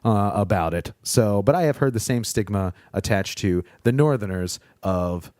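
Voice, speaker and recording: A man's voice: on the low side, lively intonation, normal speed, darkish tone, no echo, clean studio sound. A man from Kentucky with a Kentucky accent, hosting a podcast in a chatty, easygoing way and laughing easily. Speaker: podcast host. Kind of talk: casual podcast chat.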